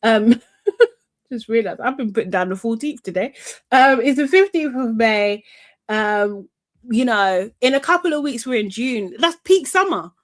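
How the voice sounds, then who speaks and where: A woman's voice: fairly high pitch, expressive, unhurried. A young woman hosting a live show, chatting casually, reading out chat comments, laughing often and swearing freely.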